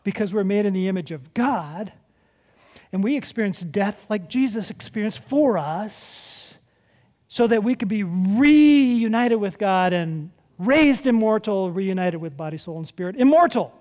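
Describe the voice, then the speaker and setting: A pastor preaching a sermon in a conversational, animated way, asking the congregation rhetorical questions and swinging between loud and hushed. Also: mid-range voice, a little slow.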